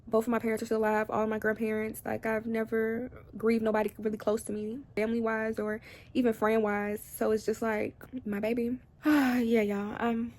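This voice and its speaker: A woman's voice: a little high, completely flat delivery, moderate pace, darkish tone. Tearful young woman confiding. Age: young adult. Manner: tearful, rambling, speaks straight to viewers. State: crying on and off. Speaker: vlogger. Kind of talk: emotional confiding chat to camera. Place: at home, indoors.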